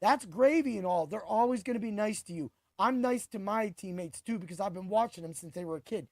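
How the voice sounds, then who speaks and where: A man in his forties hosting a sports podcast, talking through fight picks in a hyped, boastful way with quick bursts of emphasis. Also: high voice, dry recording, studio quality. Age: 40s. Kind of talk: casual sports commentary.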